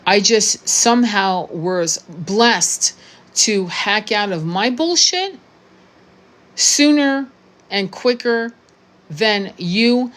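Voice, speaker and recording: A woman's voice: medium pitch, animated, extremely slow, a bit bright. Blunt, profane woman in her sixties. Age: 60s. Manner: blunt, profane and impassioned, with restarts. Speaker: tarot reader and spiritual coach. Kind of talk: unscripted monologue to camera.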